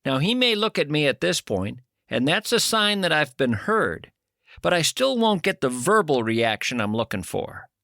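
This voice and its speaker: A man riffs through a mock-serious comedic monologue as a talk host. His voice sits high and bright with a crisp edge. The sound is close and dry. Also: no room sound. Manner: wry, musing, mock-serious storytelling. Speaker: radio talk show host.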